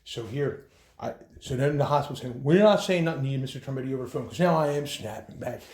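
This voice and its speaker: A man's voice: medium pitch, quick pace, darkish tone. Agitated, profane man in echoey room. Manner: agitated, profane, rambling with many restarts. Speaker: bereaved son telling his story. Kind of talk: heated first-person account.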